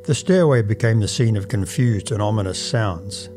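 A man narrating an old first-person story as a measured, formal audiobook reading. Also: on the low side, lively intonation, music in the background.

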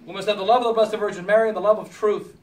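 A man, a priest, preaching an emphatic sermon that rises to forceful exclamations, heard in a chapel. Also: high-pitched, steady tone, racing. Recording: echoey church from far off.

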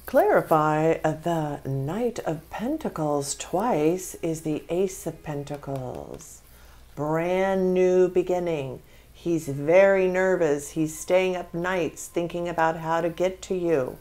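A woman's voice: deep voice, measured pace, a little mellow. A woman giving a tarot reading, speaking with spiritual feeling and emotion, close to tears. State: tearful. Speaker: tarot reader.

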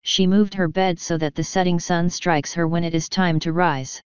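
A woman voicing a calm, regal female pony princess who speaks formally, in a storybook reading. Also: on the low side, clear, resonant tone, no room sound, lightly acted. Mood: thoughtful. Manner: formal, measured speech. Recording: dull lo-fi dry recording.

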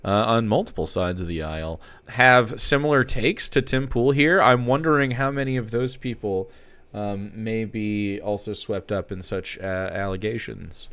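A man's voice: lowish voice, normal speed, a bit bright, clean tone. A man hosting live news commentary, reading an article aloud with sarcastic, profane asides. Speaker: streamer host.

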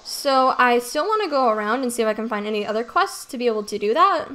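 High-voiced woman casually playing a game. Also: quick pace. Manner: relaxed, chatty, hesitant with fillers. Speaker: let's play host. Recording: faint game music behind.

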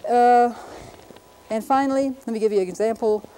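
A woman's voice: fairly high pitch, moderate pace, warm tone, slight background noise, low-quality recording. A middle-aged woman, a linguist, giving an educational lecture, patiently explaining and carefully demonstrating pronunciations. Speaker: linguist presenter.

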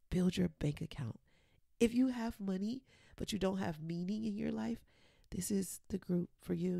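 A woman hosting a motivational podcast, talking earnestly and encouragingly, sometimes dropping to a soft whisper for emphasis. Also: on the low side, vocal fry, husky, dry recording, studio quality. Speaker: podcast host and coach.

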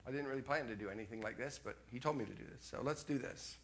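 An older man preaching a sermon as pastor, animated, jumping from loud exclamations to quiet asides. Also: medium pitch, quick pace, a little hiss or hum.

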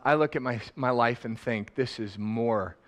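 A middle-aged man preaching a sermon, lively and laughing, rising loud and dropping soft. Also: medium pitch, normal speed. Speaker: pastor. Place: church sanctuary.

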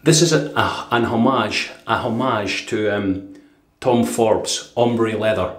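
Brief: rambling, easygoing Scottish guy, lowish voice, recorded in a roomy space at home. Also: slow. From Dundee, Scotland. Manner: chatty and rambling, with filler words and chuckles. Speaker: shaving vlogger. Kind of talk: casual product review. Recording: echoey room.

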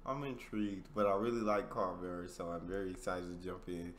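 American dude hosting a reaction vid, hyped and chatty, bit of noise behind. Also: male voice, sits low, steady tone, a little fast. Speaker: reaction video host. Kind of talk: casual reaction commentary.

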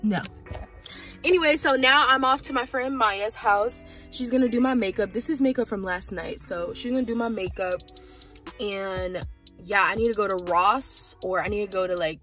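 A woman in her twenties talking to camera in a casual vlog, telling stories in an animated, slangy, emphatic way. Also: mid-range voice. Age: 20s. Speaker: vlogger.

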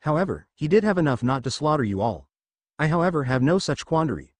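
A man's voice: on the high side, sing-song, fast, dry recording. A man reading an arrogant, threatening warrior. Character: arrogant ruthless male warrior, possessed.

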